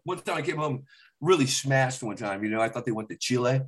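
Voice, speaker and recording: A man's voice: medium pitch, normal speed. Middle-aged guy, comic telling family stories, keeps doing everyone's voices, easygoing chat. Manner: animated storyteller acting out his dad's lines. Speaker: comedian guest. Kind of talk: casual storytelling chat.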